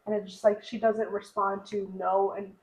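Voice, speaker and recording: A woman's voice: medium pitch, flat delivery, moderate pace, darkish tone. A young woman co-hosting a podcast, talking candidly and a bit rambly about her own life, with lots of fillers. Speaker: podcast co-host. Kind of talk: casual conversation. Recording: echoey room.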